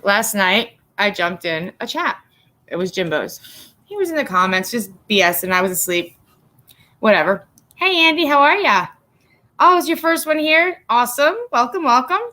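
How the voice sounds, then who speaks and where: A woman's voice: mid-range voice, bright, forceful tone. A blunt woman hosting her own livestream, telling stories with plenty of swearing and greeting viewers by name as they join. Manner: blunt, profane, talks straight to chat. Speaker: livestream host. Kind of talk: casual livestream chat.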